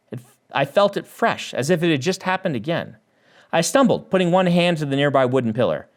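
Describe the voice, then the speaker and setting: A man reads his own novel aloud in first person. His voice is a little high and rises and falls a lot. He lifts it further whenever a character speaks. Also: brisk. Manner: animated reading that lifts the voice for dialogue. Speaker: author.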